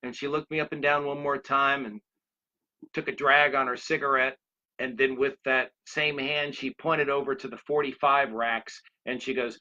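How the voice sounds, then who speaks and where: A man's voice: mid-range voice, steady tone, normal speed, pushed and bright. A man in his sixties giving a motivational talk, rambling through anecdotes and speaking straight to his listeners. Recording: dull lo-fi recording.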